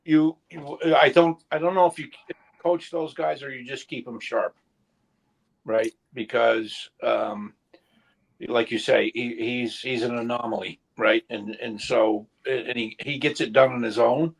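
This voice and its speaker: A middle-aged man on a casual podcast, speaking in halting bursts with many restarts. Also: medium pitch, fairly even intonation, gravelly, slightly rough, poor audio. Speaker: podcast co-host, goalkeeper coach. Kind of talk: casual round-table chat.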